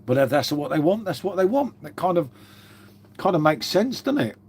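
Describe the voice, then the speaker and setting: Over some background noise, a middle-aged man with an English accent chats casually with livestream viewers, reading their comments and calling them "mate" a lot. His voice is on the high side, moderately paced, with big pitch swings.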